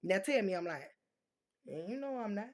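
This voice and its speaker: A woman, talking fast and emphatically straight to viewers in a casual rant, her words often running together. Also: mid-range voice, lively intonation. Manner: emphatic, repeats "doggone", fast slurring talk. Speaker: vlogger addressing viewers. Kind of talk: casual direct-to-camera rant. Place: indoors at home, dim lighting.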